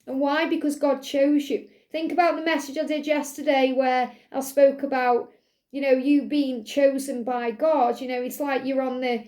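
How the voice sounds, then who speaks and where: High-voiced earnest woman sharing spiritual story. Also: level tone, normal speed, a little mellow. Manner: earnest, emotional, heartfelt storytelling. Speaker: spiritual channel host. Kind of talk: casual spiritual talk to viewers.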